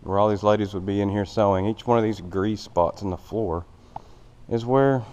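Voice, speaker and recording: A man's voice: fairly low pitch, fairly even intonation, normal speed, a little mellow, dull audio. A man giving a casual, rambling walkthrough of a large empty old factory, recorded on a handheld camera. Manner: rambling, plainspoken, with fillers. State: out of breath. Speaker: vlogger touring a building.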